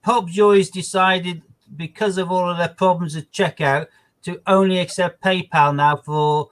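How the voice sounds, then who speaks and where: Male co-host on a casual live stream, a touch high-pitched, rambling, talky. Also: poor audio. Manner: chatty, rambling, indignant asides.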